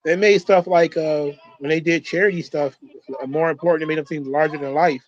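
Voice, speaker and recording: A man with a fairly high voice rambles casually as he comments along with a wrestling event. He swears freely and circles back on his own thoughts. His voice comes through dull and lo-fi. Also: steady tone, fairly quick. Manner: loose, profane, rambling. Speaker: host of a wrestling watch-along.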